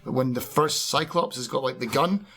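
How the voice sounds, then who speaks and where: A man co-hosts a casual film podcast with a gravelly, mid-pitched voice. He drops quick jokey asides as he picks apart the film. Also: pushed and bright, a little hiss or hum. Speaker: podcast co-host. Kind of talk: casual film review chat.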